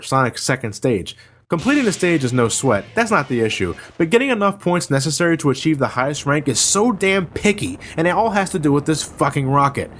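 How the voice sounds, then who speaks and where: Profane, animated male game reviewer. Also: medium pitch. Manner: profane, exasperated ranting with sudden shouts. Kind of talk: comedic scripted review voice-over.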